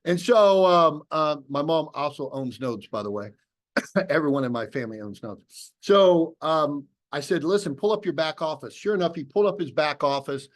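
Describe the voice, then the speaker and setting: Speaking at a normal speed in an expressive, somewhat high voice, a business opportunity presenter delivers a motivational talk over a video call. As he tells his story to the audience, he plays both parties in recalled conversations.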